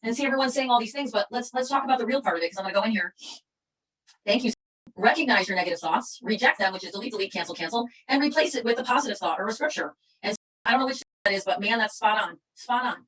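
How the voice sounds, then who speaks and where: A woman delivers a fervent, preachy motivational speech in a rapid-fire stream, hardly stopping for breath. She is middle-aged and talks to her team like a revival preacher. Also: fairly high pitch, lively intonation, a bit bright, low-quality recording. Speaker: MLM company leader giving a training talk.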